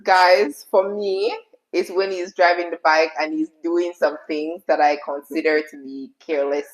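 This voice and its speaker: A woman's voice: deep voice, steady tone, normal speed, poor audio. Playful woman co-hosting a chat. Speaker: livestream co-host. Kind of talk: casual livestream chat.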